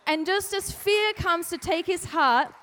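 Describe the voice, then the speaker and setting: A woman's voice: very high-pitched, unhurried, a bit bright. A woman giving a casual, playful youth sermon, chatty and acting out quotes in comic little voices. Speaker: youth speaker sharing a devotion. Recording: hall with long reverb.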